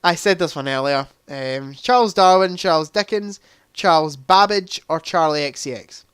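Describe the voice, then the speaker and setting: A man's voice: a little high, moderate pace, fairly bright tone, smooth, no room sound, clean studio sound. A young man hosting a casual livestream quiz, chatty, reading out answer options and adding joking asides. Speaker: livestream host.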